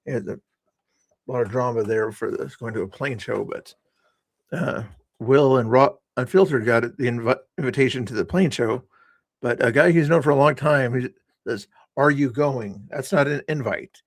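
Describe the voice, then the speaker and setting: A man's voice: mid-range voice, normal speed, dry recording, studio quality. A man hosting a casual livestream, rambling and teasing his guests and chat with sarcastic inflection. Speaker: livestream host.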